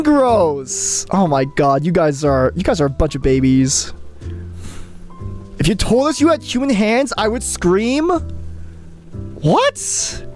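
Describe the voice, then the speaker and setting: A young woman streamer in casual live-stream chat, rambling and animated, swearing often. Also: medium pitch.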